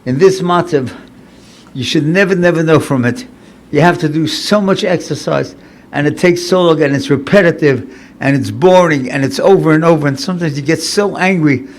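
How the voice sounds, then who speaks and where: An older man in his seventies gives an inspirational sermon as a rabbi. His voice sits a little high for a man. He talks earnestly and conversationally and circles back to repeat key phrases. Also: normal speed, a little hiss or hum. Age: 70s. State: recovering from paralysis, slightly impaired speech. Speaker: rabbi and lecturer.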